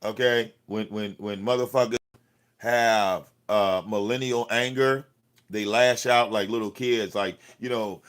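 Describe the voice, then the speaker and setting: This livestream host, speaking from a cluttered home room, confronts someone in a profane, repetitive rant. His lowish voice is clear, resonant and a bit bright, with fairly even intonation and a measured pace.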